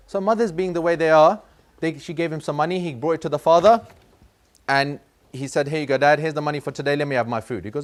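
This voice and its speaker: A man's voice: on the high side, expressive, a little fast. A man speaking to schoolchildren as a teacher, telling a moral story and acting out the boy and the father in it. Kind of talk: storytelling talk to a school class.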